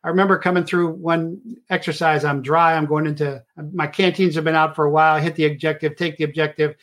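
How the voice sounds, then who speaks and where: Middle-aged man, slightly high voice, rambling host monologue heavy on fillers. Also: level tone, a little fast, fairly bright tone. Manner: rambling with many filler uhs. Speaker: show host. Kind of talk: casual monologue.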